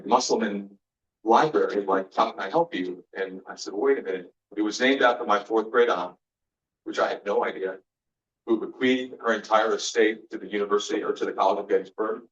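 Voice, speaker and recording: A man's voice: on the low side, fairly even intonation, brisk, a bit bright. A man giving an earnest faith-based motivational talk as guest speaker, telling personal stories and acting out the exchanges in them. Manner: earnest storyteller, acts out quoted exchanges. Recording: roomy, distant, dull sound.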